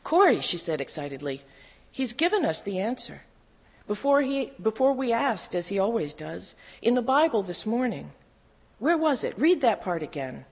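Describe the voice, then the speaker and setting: A reader voicing a devout, earnest grown woman who speaks gently but insistently, from a memoir read aloud. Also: medium pitch, sing-song, normal speed, pitched above the performer's own voice. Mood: eager. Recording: long hall reverb.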